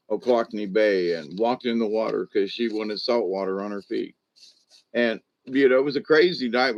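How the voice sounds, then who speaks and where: A man's voice: mid-range voice, muffled recording. An older man talks to his channel in a loose, rambling manner. He trips over his words and starts over often, with a mid-range voice. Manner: halting, restarts often, chuckles. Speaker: channel host. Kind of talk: casual rambling storytelling.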